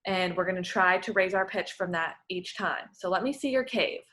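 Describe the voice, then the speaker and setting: A woman's voice: on the low side, moderate pace, pushed and bright. A woman working as a voice clinician, giving patient, encouraging step-by-step instructions in a therapy session.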